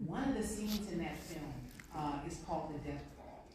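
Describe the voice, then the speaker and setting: A woman's voice: sits low, moderate pace, noisy background. A woman giving an earnest, story-driven motivational speech to an audience in a large conference room. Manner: earnest, storytelling, repeats points. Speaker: keynote speaker. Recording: echoey hall from far off.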